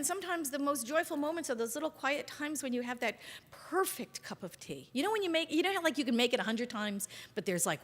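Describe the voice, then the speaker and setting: A woman minister preaches in a loose, chatty style and keeps checking in with her listeners. Her voice sits fairly high for a woman. A long hall reverb trails behind every phrase. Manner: conversational and animated, asks the congregation questions. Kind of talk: sermon.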